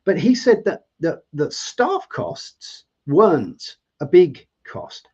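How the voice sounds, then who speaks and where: A man's voice: sits high, big pitch swings, slow pace, a little mellow, husky. A man hosting a live interview show, asking long, rambling questions in a chatty way over a video call. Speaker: host. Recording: dull lo-fi sound.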